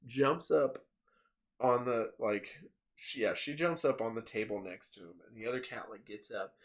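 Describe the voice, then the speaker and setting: A young man co-hosts a loose, casual podcast chat. He tells stories with animated energy, laughs often and swears freely. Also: mid-range voice, normal speed. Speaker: podcast co-host.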